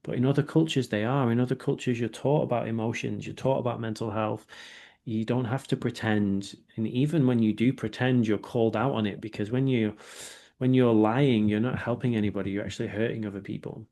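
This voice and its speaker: A man, speaking as a guest in a candid, reflective interview and often checking in with a quick 'right?'. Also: medium pitch, fairly even intonation, mellow. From England. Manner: reflective, with many filler words and rhetorical 'right?'.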